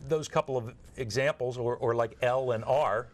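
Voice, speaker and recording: With a medium pitch and moderate pace, a man appears as an interview guest who is an expert in nurse communication training. He lays things out earnestly using examples, often restarting and repeating words.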